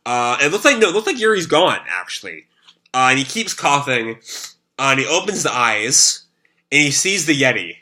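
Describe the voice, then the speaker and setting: A man's voice: medium pitch, very animated, moderate pace, bright, forceful tone. A man with a sore throat recapping a manga chapter live, rambling and full of fillers. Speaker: manga reaction host.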